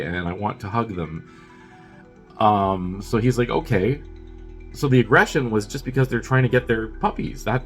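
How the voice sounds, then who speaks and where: A man who is sick with a cough, casually reviewing a movie in a rambling, chatty way with wry asides. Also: mid-range voice.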